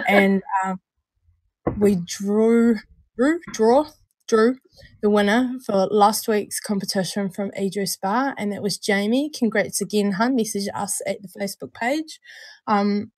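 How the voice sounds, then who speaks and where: A woman with a New Zealand accent, co-hosting a show in casual chat, hoarse and unwell, rambling and laughing as she stumbles over words. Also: medium pitch, a little slow, no echo. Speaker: co-host of a vaping show.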